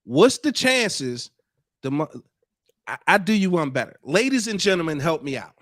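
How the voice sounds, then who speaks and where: A man hosting a podcast, talking in an animated, emphatic way and repeating points for effect. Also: a little high, moderate pace, dry recording, clean studio sound. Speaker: podcast host. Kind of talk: podcast commentary.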